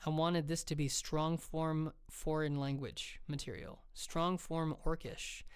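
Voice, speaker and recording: A man's voice: a little high, flat delivery, measured pace, few pauses, clear, resonant tone. A man, a fantasy author, casually explaining his writing craft in a loose, rambling way, with many ums and restarts.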